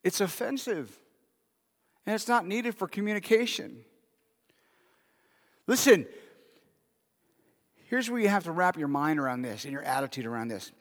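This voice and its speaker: A man's voice: sits high, animated, normal speed, long pauses. A man preaching a sermon as pastor, talking in a conversational way and asking the congregation questions. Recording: long hall reverb.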